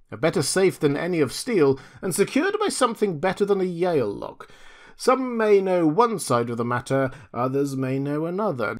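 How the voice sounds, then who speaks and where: A narrator doing a smooth, velvety schemer with just a trace of a foreign accent, all oily politeness over something ruthless. His voice lifts high and ingratiating, then sinks smug and low as he talks of his price. The reading is a storybook performance. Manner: obsequious, smug and sly. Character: cunning, oily middle-aged male inventor selling secrets. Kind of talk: audiobook character reading.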